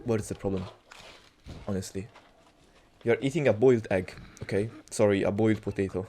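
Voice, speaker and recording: A young man talks in a casual, rambling monologue, cursing freely and restarting his sentences. His voice sits a little low, and his storytelling wanders. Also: fairly quick, warm tone, slight background noise. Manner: rambling, profane, many restarts and fillers. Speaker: cooking vlogger.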